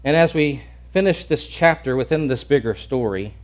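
A male preacher giving a dramatic sermon, swinging from shouted lines to hushed near-whispers and repeating words as he acts out the scene. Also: mid-range voice, animated, normal speed.

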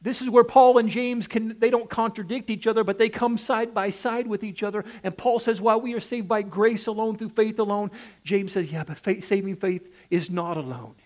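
Man, high voice, preacher, emphatic sermon delivery, rising and falling cadence, direct questions to listeners. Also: fairly even intonation, normal speed, darkish tone. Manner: asks the congregation direct questions.

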